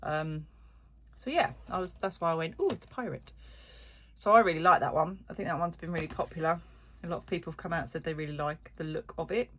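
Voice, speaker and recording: A woman's voice: low voice, steady tone, fast talker, a bit bright. A woman chatting casually as she unboxes yarn on her crochet vlog, rambling with lots of little asides. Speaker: crochet vlogger. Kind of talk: casual chat while unboxing.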